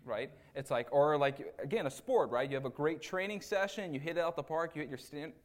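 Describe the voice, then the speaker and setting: A man's voice: on the high side, fairly quick. A man, an assistant pastor, giving a conversational sermon with casual asides, often checking in with "right?" and acting out the people he describes. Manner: casual, tags lines with "right?"; animated retelling with acted asides.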